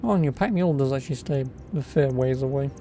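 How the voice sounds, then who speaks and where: A man's voice: medium pitch, fast, dark tone, faint music behind. A man giving casual, sarcastic gameplay commentary as a streamer. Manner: wry, sarcastic. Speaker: let's play streamer.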